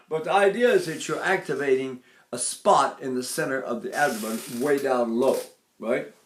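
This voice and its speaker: A man's voice: mid-range voice, reverberant. An older man teaching a voice lesson, who explains technique and breaks into sung phrases and sighs. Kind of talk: singing lesson with sung demonstrations.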